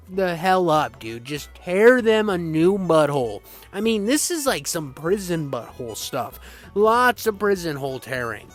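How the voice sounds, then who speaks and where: A young man giving an excitable, crude, slang-filled game retrospective in casual rambling style. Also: high voice. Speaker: game reviewer.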